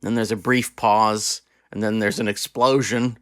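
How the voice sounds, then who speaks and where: A man co-hosting a podcast, chatting casually about a film with wry, deadpan humor and plenty of fillers. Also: on the low side, a little slow, smooth, no room sound, studio quality. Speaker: podcast co-host. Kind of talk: casual film review chat.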